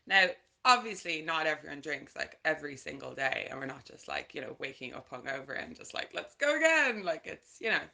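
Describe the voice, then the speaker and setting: A woman's voice: low-pitched, brisk, vocal fry, hardly any pauses. A young Dublin woman with an Irish accent, a guest chatting animatedly on a podcast and laughing often. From Ireland. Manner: animated, laughs often, slips into mimicking voices. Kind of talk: casual chat.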